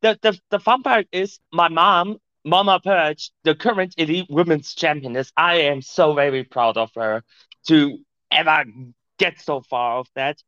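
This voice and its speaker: A man's voice: a little high, a little slow, bright, forceful tone, smooth, no echo. A man, a podcast guest talking in slightly broken English, rambling casually. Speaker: podcast guest, show owner. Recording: dull lo-fi mic.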